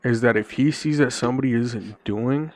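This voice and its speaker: A young man chatting on a podcast, jokey and quick to laugh as he adds to a shared story. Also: medium pitch. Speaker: podcast guest. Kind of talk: casual chat.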